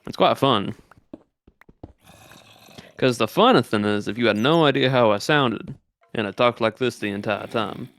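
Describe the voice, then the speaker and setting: A male streamer in casual chat who rambles with many fillers and drawls some words out in a put-on Southern voice, recorded on a compressed mic that makes him sound monotone. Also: medium pitch, moderate pace, long pauses. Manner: rambling, many fillers, explains things loosely. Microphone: desk microphone with built-in compression.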